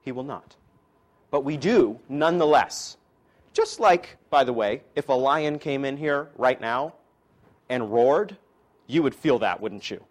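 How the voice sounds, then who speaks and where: A man preaching at a middle pitch, who rises to loud, emphatic declarations and then drops to soft, hushed asides. He talks to his listeners directly and teases them now and then. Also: lively intonation, a little slow. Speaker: preacher and teacher. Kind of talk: sermon to a class.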